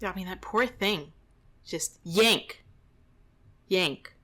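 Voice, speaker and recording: A woman's voice: on the low side, extremely slow, bright, forceful tone. A young adult woman, a dog trainer, giving indignant, exasperated running commentary over a training video.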